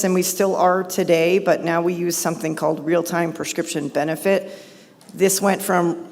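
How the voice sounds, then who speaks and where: A woman presenting software updates at a conference, talking fast and upbeat, her voice a little hoarse. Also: fairly low pitch. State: voice going hoarse. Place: large conference hall. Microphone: handheld or podium mic. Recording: reverberant conference hall.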